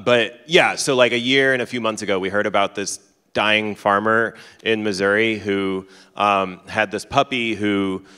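Chatty man with a bright, clear voice. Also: lowish voice. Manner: chatty, heavy on fillers and restarts, laughs often. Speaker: guest author at a live event; teacher. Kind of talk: casual storytelling on stage. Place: large hall with an audience. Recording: reverberant hall sound.

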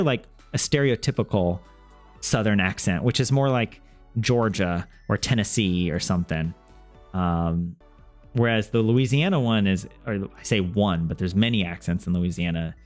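A man learning a language on a casual livestream, thinking aloud to his viewers with many restarts and self-corrections. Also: on the low side. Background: soft game music.

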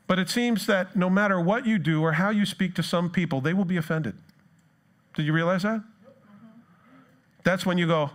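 Male pastor, slightly higher voice, casual and funny, acts out scripture while preaching. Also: moderate pace, pauses often. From United States. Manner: conversational and joking, with lively retellings. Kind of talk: sermon. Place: church.

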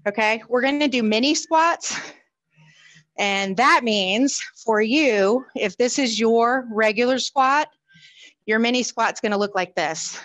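A woman's voice: a little high, a bit bright, poor audio. A woman, leading a seniors' exercise class over a video call, upbeat and counting reps aloud. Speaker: fitness instructor.

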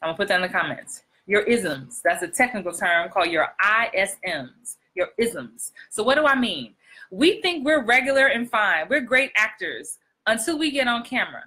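A woman coaching actors in a chatty, animated live stream, talking straight to her viewers. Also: mid-range voice, normal speed, husky. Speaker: acting coach. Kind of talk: live-streamed acting tips.

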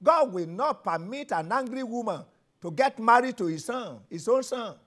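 Nigerian male pastor, high bright voice, fervent preacher who repeats commands and builds to shouts. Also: animated, moderate pace. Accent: Nigerian English. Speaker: pastor leading prayer. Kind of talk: sermon and prayer session.

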